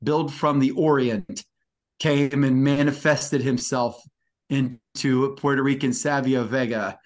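A man co-hosting a wrestling podcast, talking in an excited, rambling way with many fillers. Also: medium pitch, unhurried. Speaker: podcast co-host. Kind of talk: casual wrestling review chat.

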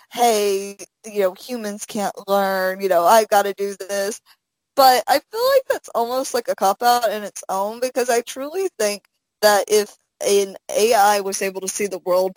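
A woman's voice: mid-range voice, dry recording, low-quality recording. A young adult woman co-hosting a podcast in casual chat, rambling with fillers and laughing often. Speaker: podcast co-host.

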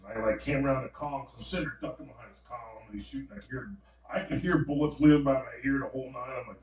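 A man telling a long, animated story in casual slang, full of fillers, on a podcast. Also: mid-range voice, rapid-fire, highs cut off. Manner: animated, slangy dream retelling with many fillers. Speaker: podcast guest. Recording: roomy, distant mic.

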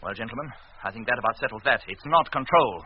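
An actor playing a firm, commanding spaceship captain in a 1950s radio drama, speaking in brisk, clipped radio calls. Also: male voice, medium pitch, expressive, husky. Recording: muffled 1950s radio broadcast.

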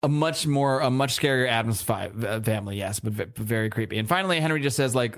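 A man's voice: medium pitch, quick pace, hardly any pauses. Rambling man recapping a comic. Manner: rambling, restarts, quotes dialogue aloud. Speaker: podcast co-host. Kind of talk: casual comic book discussion. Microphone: podcast mic, live show.

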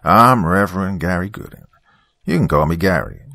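A man's voice: deep voice, lively intonation, normal speed, gravelly, pushed and bright, no echo, heavily acted. A man voicing an elderly country reverend with a strong rural Southern accent, folksy and overly welcoming. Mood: folksy welcome. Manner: chuckling, folksy, hospitable.

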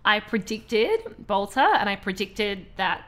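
A woman's voice: mid-range voice, sing-song, a little slow, fairly bright tone. A young woman, co-hosting a podcast in casual chat, telling stories with enthusiasm and acting out quotes. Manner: enthusiastic storyteller, acts out quotes, laughs. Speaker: podcast co-host.

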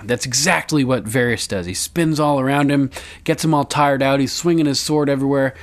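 A man's voice: mid-range voice, fairly quick. Chatty man recapping with laughs. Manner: loose and chatty, swears, laughs often, quotes lines in passing. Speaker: podcast host recapping a TV episode. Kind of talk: casual chat.

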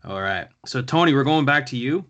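A man's voice: medium pitch, animated, brisk, a bit bright. A man hosting a podcast, chatting casually as he runs through picks. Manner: conversational, runs the draft picks. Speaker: podcast host.

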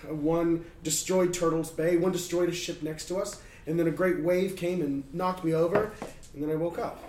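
A man playing a tabletop game, speaking in character in a hesitant, halting way. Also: on the high side, fairly even intonation, noisy background. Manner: hesitant, halting, with many fillers. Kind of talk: in-character role-play. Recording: roomy sound from a distant mic.

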